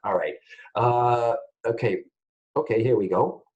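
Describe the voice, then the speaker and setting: A man teaching psychic mediumship to camera in a casual, animated way, often checking in with his viewers. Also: medium pitch, unhurried, muffled recording. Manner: animated, keeps checking in with "guys, okay?".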